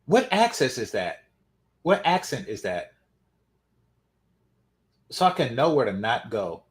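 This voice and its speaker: A man's voice: medium pitch, sing-song, slow. A man hosting a reaction commentary, sarcastic and mocking. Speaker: commentary channel host.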